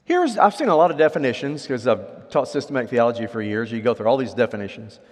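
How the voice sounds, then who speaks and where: Animated male pastor preaching in a reverberant hall. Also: quick pace. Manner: animated preaching, swinging from loud high outbursts to quiet low endings; voices imagined objectors in a raised pitch. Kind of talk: sermon.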